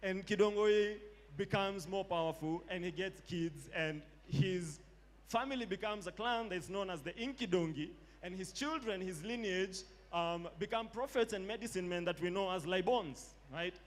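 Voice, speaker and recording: A man with a Kenyan accent giving a casual storytelling lecture at a live event, relaxed and slangy, dropping in Swahili phrases. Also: sits high, normal speed. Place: live talk event indoors.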